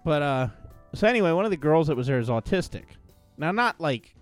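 A man co-hosting a podcast, telling an anecdote in a casual, profane, animated way. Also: a little high, brisk, soft background music. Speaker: podcast co-host. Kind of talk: casual storytelling chat.

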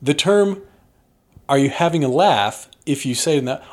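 A man's voice: a little high, moderate pace. A man hosting a comedy podcast, chatting playfully and slipping into silly voices. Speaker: podcast host. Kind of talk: comedic casual chat.

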